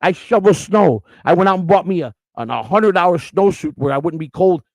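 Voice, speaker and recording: An older man telling stories from his childhood, animated and often restarting his sentences. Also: high-pitched, brisk, creaky, no echo. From Chicago. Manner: animated, restarts and repeats words. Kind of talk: casual storytelling.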